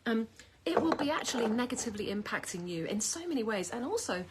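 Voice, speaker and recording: A middle-aged woman, talking casually and at length to camera at home in a chatty, animated way. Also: fairly high pitch, quick pace, very noisy. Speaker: vlogger.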